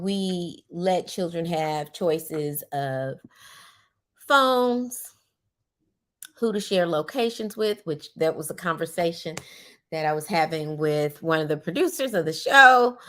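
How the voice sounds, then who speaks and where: A middle-aged woman hosting a podcast, speaking slowly and reflectively with many pauses, and at times tearful. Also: sits low, a bit bright. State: tearful at moments. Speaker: podcast host. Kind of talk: personal monologue.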